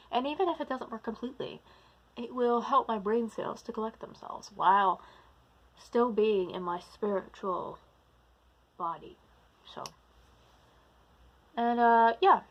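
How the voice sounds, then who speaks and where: A woman's voice: mid-range voice, a bit bright, lo-fi sound. A woman vlogging to her camera, slipping into a put-on British-like accent, rambling, losing her train of thought and restarting. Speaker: vlogger, practicing witch and druid. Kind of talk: casual talking-to-camera vlog. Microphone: camera recording herself.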